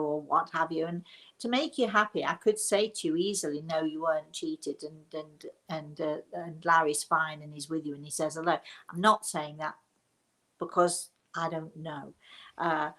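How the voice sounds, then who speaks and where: A woman's voice: fairly low pitch, fairly bright tone. A middle-aged woman from England hosting a live question and answer stream as a psychic medium, talking in a chatty, rambling way with many restarts. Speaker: psychic medium and show host.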